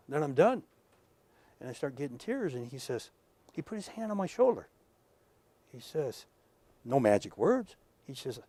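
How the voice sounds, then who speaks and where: A man giving a conversational lecture to a live audience, earnest and full of stories, dropping to a hush and then rising loud. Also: medium pitch, no room sound. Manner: earnest, storytelling, swings from hushed to loud. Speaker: lecturer at professional workshop.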